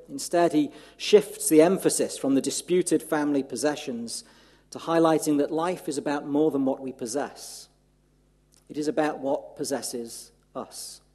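A man's voice: on the high side, mellow, slightly rough. A man from northwest England near Liverpool, with a Merseyside accent, preaching a sermon as a church minister in an easy, conversational way. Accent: northwest English, Merseyside.

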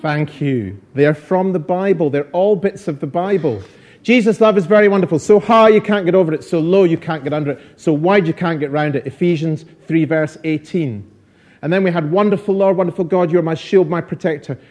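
A man preaching an all-age church talk, lively and encouraging, repeating phrases for emphasis. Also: a little high, fairly quick.

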